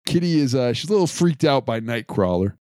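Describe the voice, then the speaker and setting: A man calmly recapping a story in casual chat, pausing on the odd filler. His voice sits at a middle pitch, and the recording is dry and close. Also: no room sound. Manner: steady, recaps events plainly with some fillers. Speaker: podcast co-host.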